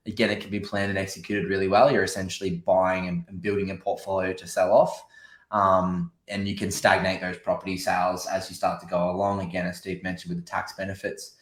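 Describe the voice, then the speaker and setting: A man's voice: sits low, flat delivery, fairly quick. An Australian man co-hosting a casual podcast who explains things steadily and works through a list of points. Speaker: podcast co-host. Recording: roomy echo.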